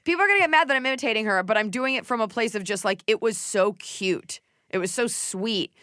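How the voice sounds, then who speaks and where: A woman's voice: a little high, fast talker, dry recording, studio quality. A woman hosting a podcast, chatting casually and telling comic stories while mimicking people. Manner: animated storyteller, mimics people. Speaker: podcast host. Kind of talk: casual comedic chat.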